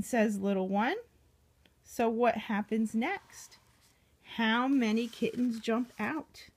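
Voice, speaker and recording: A woman reading a picture book aloud to a young child, gently asking the child questions as she goes. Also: a little high, steady tone, slow pace.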